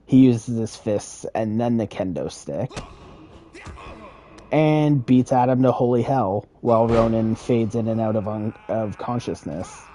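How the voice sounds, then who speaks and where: A man's voice: mid-range voice, unhurried, mellow, slight background noise. A man casually retelling a wrestling game storyline, rambling and profane, with chuckles. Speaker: gaming creator.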